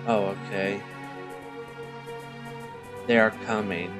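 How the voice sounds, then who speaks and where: A man giving casual gameplay commentary, muttering and reacting out loud as he plays. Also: on the low side, unhurried, over music, low-quality recording. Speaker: gamer.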